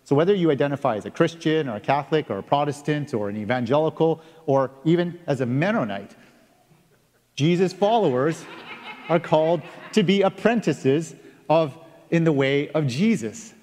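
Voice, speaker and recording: A man preaching a sermon in an earnest way, reading scripture aloud and stressing key words with pauses. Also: a little high, lively intonation, a little mellow. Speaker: pastor. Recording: long reverb of a large hall.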